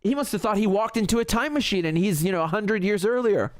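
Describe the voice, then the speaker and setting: A fairly high-voiced man hosts a live commentary stream, reacting to a clip with emphatic indignation. His voice is recorded dry and close, with no room sound, and he swears freely as he builds his point. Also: fast, no room sound. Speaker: political commentary host.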